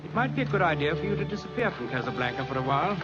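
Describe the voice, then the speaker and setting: An actor playing a suave, sly police captain in an old film, with a smooth, wry delivery. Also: male voice, a little high, very animated, very fast. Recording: dull old film soundtrack with music.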